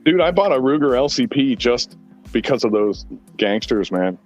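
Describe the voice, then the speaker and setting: A man's voice: mid-range voice, animated, moderate pace, darkish tone, faint music behind. A man hosting a podcast, telling rambling stories in a blunt, profane way. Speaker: podcast host. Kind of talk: casual chat. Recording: dull lo-fi sound.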